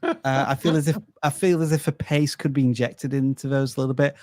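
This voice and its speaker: A man hosting a live channel review, thinking aloud and giving measured advice. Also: mid-range voice, fairly even intonation, a little mellow, no echo, clean studio sound. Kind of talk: casual live-stream review.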